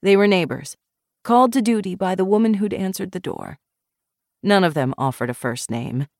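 A woman reading a novel aloud in measured, expressive scripted narration. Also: mid-range voice, no room sound, clean studio sound. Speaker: audiobook narrator.

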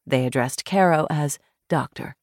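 Woman narrator, audiobook reading, low voice, measured and expressive, dry close mic. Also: dry recording. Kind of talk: scripted narration.

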